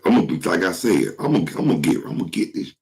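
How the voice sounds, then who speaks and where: Give me a man with a very low, gravelly voice, hoarse from a cold, chatting loosely and slangily to the camera. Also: very animated, fast, darkish tone, rough recording. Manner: slangy, rambling, swears freely, addresses viewers as y'all. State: hoarse with a cold, keeps clearing his throat. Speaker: vlog host. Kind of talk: casual monologue to viewers.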